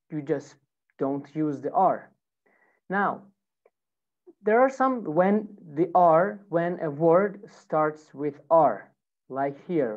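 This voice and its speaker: A woman with an American accent teaching an online English pronunciation lesson, speaking slowly and repeating words for learners. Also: deep voice, animated, phone-quality sound.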